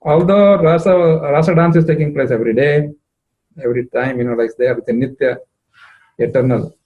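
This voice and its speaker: A man telling a devotional story, emotive and rising in pitch at moving moments, with frequent fillers. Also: a little fast, phone-quality sound. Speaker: spiritual storyteller.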